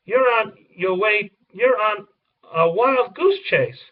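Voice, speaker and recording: A man reading the part of a brash, greedy male pig who talks loudly and excitably. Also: sits high, slow pace, pitched above the performer's own voice, heavily acted. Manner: loud and excitable. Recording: distant, dull lo-fi recording.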